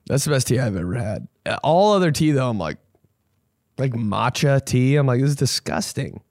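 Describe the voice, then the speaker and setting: A male comedian rants casually on his podcast, swearing freely and losing his train of thought. He keeps breaking into loud, high mocking voices. The voice sits at a middle pitch and is recorded close and dry, with no room sound. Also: lively intonation, normal speed, dry recording. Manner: profane, rambling, jumps into loud mocking voices.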